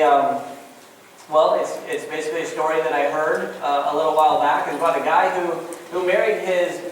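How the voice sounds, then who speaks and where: A pastor preaches in a relaxed, chatty way, joking with his congregation. His voice sits fairly high for a man. It is picked up from a distance in a very echoey church hall with faint room noise. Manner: casual, chatty, self-deprecating, addresses the congregation as guys. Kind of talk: sermon with a joke story. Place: church sanctuary.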